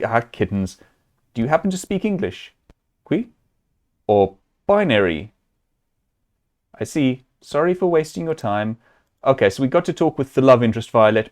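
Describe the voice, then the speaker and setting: A man's voice: medium pitch, darkish tone. A man streaming a point-and-click adventure, chatting casually and thinking aloud as he works through puzzles, with amused chuckles. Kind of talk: casual let's-play commentary.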